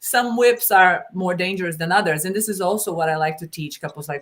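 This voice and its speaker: Animated woman explaining with acted-out quotes. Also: fairly low pitch, brisk. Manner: animated storytelling, acts out quotes with laughs. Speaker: BDSM educator. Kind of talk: informal Q&A discussion.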